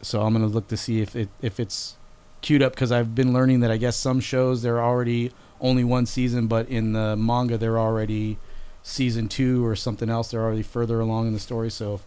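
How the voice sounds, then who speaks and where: A man talking loosely on a podcast, his voice sitting at an ordinary middle pitch. He rambles and drops casual swears as he chats with his co-host. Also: flat delivery, brisk, dark tone, smooth. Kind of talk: casual chat.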